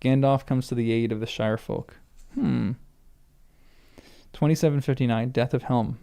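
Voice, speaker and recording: A man reads a book aloud for the first time, occasionally tripping over a name and thinking it through out loud. His voice is smooth and resonant, mellow and relaxed, with a low gravelly edge.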